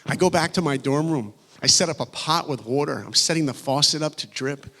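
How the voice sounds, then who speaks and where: A man giving a motivational talk to high school students, telling his story with animation and acting out the dialogue. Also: brisk, a bit bright. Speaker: guest speaker. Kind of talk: motivational speech. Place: large school hall.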